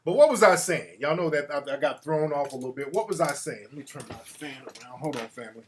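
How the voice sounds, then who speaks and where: A man's voice: on the high side, animated, quick pace, a little hiss or hum. A man hosting his own show, talking straight to his audience in an emphatic, profane commentary monologue. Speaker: show host. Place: home room with a fan.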